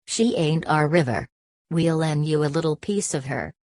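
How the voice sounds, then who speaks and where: Woman voicing blunt restless young guy, country talk, low voice, dry close sound, audiobook. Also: moderate pace, a little mellow, dry recording, lightly acted.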